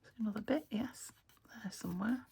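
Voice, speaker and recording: A British woman narrates her crafting as a casual vlog, thinking aloud at her home table. She often slips into a soft half-whisper, and her mid-pitched voice has a gravelly fry. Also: brisk, slight background noise. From United Kingdom. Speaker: craft vlogger. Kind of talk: casual flip-through narration while crafting.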